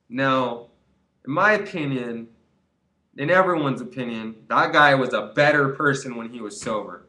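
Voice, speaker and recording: Young male vlogger, casual and rambling, mid-pitched, lots of restarts. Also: pushed and bright. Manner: rambling, repeats words, acts out quoted voices. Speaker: vlogger giving quit-weed advice. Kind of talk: casual storytelling monologue.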